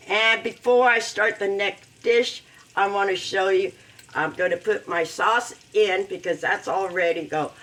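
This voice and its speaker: A woman in a home kitchen talks through a recipe at an unhurried, drawn-out pace, now and then letting out loud whoops of delight. Her voice sits at a middle pitch and is picked up from a little way off the mic, with faint kitchen noise and frying underneath. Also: far from the mic, low-quality recording. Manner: slow, heartfelt talk broken by loud whooping cheers. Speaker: home cooking vlogger. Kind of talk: casual cooking demonstration.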